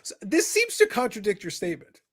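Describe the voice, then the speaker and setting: A man's voice: high voice, huge pitch swings, fairly quick, breathy edge. A man hosting a casual podcast, reading chat comments aloud with a joking, sarcastic manner. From Canada.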